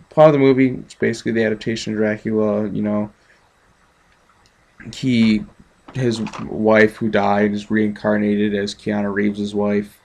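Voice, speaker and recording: A man's voice: lowish voice, vocal fry. A man giving a casual, offhand movie review, chatty with many ums.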